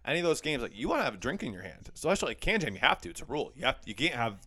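Lively easygoing man in his twenties. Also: mid-range voice, racing. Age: 20s. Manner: easygoing, agreeable, rambling with lots of "like". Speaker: podcast co-host. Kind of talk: casual chat.

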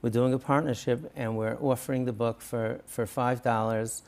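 An earnest rabbi talking through an interview, with a gravelly, creaky edge to his voice. He is a man who gets animated, often acting out the words of parents or coaches before dropping back to a plain conversational tone. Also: mid-range voice, moderate pace. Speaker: rabbi and guest.

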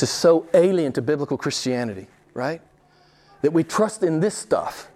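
A middle-aged male preacher delivering a sermon with passion, his voice jumping from hushed asides to sudden high, emphatic rises. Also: animated, moderate pace. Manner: impassioned, swings from quiet to loud with sudden rises.

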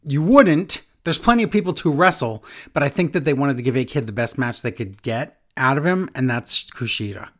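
A man's voice: mid-range voice, animated, fairly quick, hardly any pauses. A man co-hosts a casual wrestling chat. He is easygoing and hesitant and fills his sentences with ums and uhs. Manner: hesitant, many fillers, easygoing. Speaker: podcast co-host.

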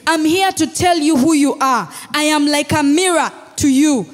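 A woman pastor with a Ugandan English accent, preaching a sermon with shouted declarations and call-and-response to the congregation. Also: high voice, normal speed. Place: church hall. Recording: long reverb in a large hall with music.

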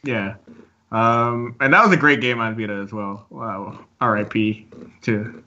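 Bright-voiced man, casual game podcast host. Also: on the low side, a little slow, dull audio. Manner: rambling with many fillers and laughs. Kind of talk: casual chat.

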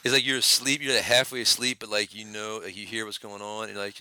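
A man's voice: fairly low pitch, fairly even intonation, fast talker, vocal fry, bright, forceful tone, dry recording. A man co-hosting a podcast in a casual chat, swearing a lot and building exaggerated comic rants. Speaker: podcast co-host.

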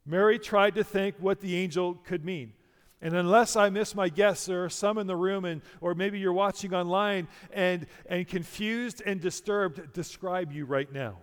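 A man's voice: high voice, moderate pace, clean tone, long reverb tail. A man preaching a sermon to a congregation, emphatic and full of rhetorical questions. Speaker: pastor.

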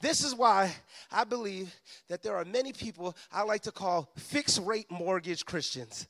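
A pastor from the Bronx with a New York accent, preaching a sermon that builds from quiet talk to shouted appeals. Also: male voice, sits high, moderate pace, in a large hall.

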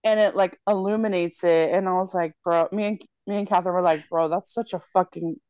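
A woman's voice: on the low side, brisk, clear, resonant tone, dry recording. A young woman in casual chat, animatedly retelling a movie plot with lots of swearing and acted-out lines. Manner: animated storyteller, swears freely, acts out lines.

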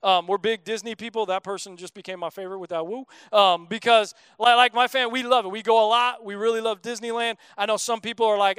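A man's voice: sits high, steady tone, fast talker, hardly any pauses, fairly bright tone, clear, resonant tone, no room sound. A man in his thirties preaching a sermon as a pastor, in a casual, joking, conversational way.

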